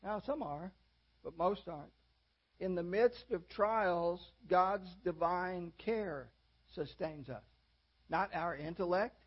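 A man's voice: high voice, slow, husky. An older man preaching a sermon in a folksy, self-deprecating way, with sudden emphatic rises. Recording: dull lo-fi audio.

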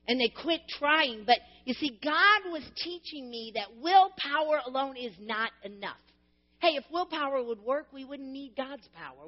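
A woman's voice: high-pitched, dull audio. A middle-aged woman preaching a sermon, earnest and personal, with laughing asides and fervent emphasis.

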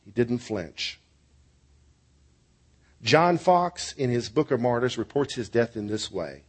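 A man's voice: mid-range voice, sing-song, takes it slowly, husky. A male pastor preaching a sermon, telling stories in an earnest way and closing in prayer.

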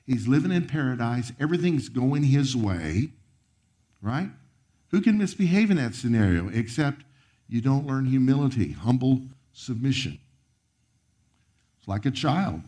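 A man preaching a sermon, reading scripture aloud and commenting on it, his voice rising high and then dropping to a near whisper. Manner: preaching with sharp swings of pitch and volume, dropping to a near whisper. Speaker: pastor.

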